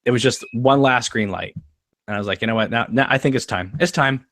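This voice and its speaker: A man's voice: medium pitch, brisk, a bit bright, no room sound, studio quality. A young adult man hosting a casual live-stream chat, enthusiastic, laughing often and repeating words as he goes. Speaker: podcast host.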